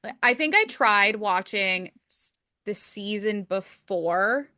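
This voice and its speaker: A woman's voice: mid-range voice, lively intonation, slow, pushed and bright, clear, resonant tone, no room sound, clean studio sound. A woman co-hosting a podcast in casual chat, rambling with lots of "like" and hedges. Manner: chatty, hedging with frequent "like". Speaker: podcast co-host.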